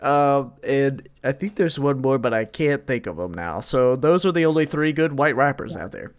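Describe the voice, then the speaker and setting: A man co-hosting a podcast in casual chat, animated and laughing often, often trailing off mid-sentence. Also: medium pitch, normal speed. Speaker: podcast co-host.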